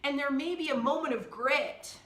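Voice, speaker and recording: Woman coach venting to her phone, bright high voice, laughs a lot, roomy echo. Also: normal speed. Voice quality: laughs often while talking, emotional and blunt. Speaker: life coach. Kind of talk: candid confessional vlog. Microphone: phone or camera device.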